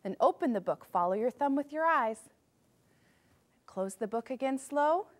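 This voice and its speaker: A woman teaches a children's music class with a high, bright-pitched voice. Her speech rises and falls with lots of animation. She stays upbeat as she leads the children through movement warm-ups. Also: animated, normal speed.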